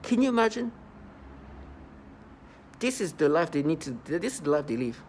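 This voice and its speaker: A man's voice: fairly high pitch, big pitch swings, fast, a little mellow, slight background noise. A man in a rambling, scornful monologue to his viewers, repeating himself and breaking into mocking laughter. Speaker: vlogger. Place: New York City.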